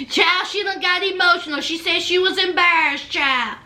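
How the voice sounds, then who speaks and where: Sassy, high-voiced woman vlogger. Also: moderate pace, few pauses, bright, forceful tone. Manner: sassy, gossipy, addresses viewers as child and honey. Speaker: reality TV recap vlogger. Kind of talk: casual recap commentary.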